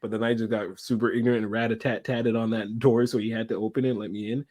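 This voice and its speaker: A man chatting casually, telling rambling stories in a relaxed, slangy and profane way. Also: fairly low pitch, fast talker. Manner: laid-back storyteller, swears, slangy. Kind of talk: casual chat.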